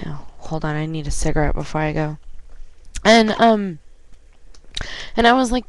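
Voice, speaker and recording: A woman with a low voice talks casually into a home webcam. She tells a story in an animated way, acts out each side of a conversation, and now and then coughs or clears her throat. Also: moderate pace, long pauses. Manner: chatty, animated retelling with quoted dialogue. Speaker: vlogger.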